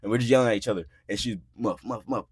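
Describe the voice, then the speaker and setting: A young man hosting a podcast, telling a story in casual, profane talk, acting out quotes loudly and filling his speech with "bro" and "like". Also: on the low side, quick pace, slightly rough, no echo, studio quality. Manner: frequent filler words like "bro" and "like". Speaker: podcast host. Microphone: podcast mic.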